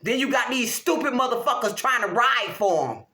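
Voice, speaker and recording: A woman vlogger tears into a rant, profane and animated, laughing between lines. Her voice is bright and sharp, and it bounces around a roomy, echoey space. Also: fairly high pitch, normal speed. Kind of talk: casual rant to camera. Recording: roomy echo.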